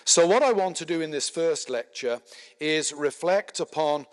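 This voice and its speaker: Middle-aged guy giving a lecture, kinda high voice, lots of uhs and dry little asides, big echoey hall. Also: expressive. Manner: measured and explanatory, with frequent filler words and dry asides. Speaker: conference lecturer. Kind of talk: spoken lecture. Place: lecture room at a conference. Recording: long hall reverb.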